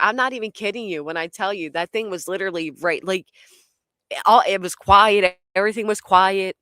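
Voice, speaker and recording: A woman spins a chaotic personal tale in a loose, casual way, dropping curses every few words and breaking into laughter as she goes. She acts out her own thoughts with dramatic flair. Her voice sits at an ordinary middle pitch and sounds dry and close, with no room echo. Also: fairly bright tone. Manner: blunt, swears constantly, laughs through her lines. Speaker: storyteller. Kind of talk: casual profane storytelling.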